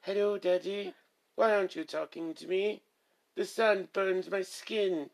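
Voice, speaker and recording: A man voicing a frightened ghostly child who calls for his mother in a put-on English accent, with whiny, drawn-out pleading. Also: sits high, steady tone, voice pushed up.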